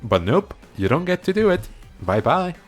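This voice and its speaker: An animated man gives casual commentary on a game he is playing. His pitch jumps around a lot as he jokes and laughs. Quiet game music plays underneath. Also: brisk, breathy edge. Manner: animated, joking, laughs often. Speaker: let's play host.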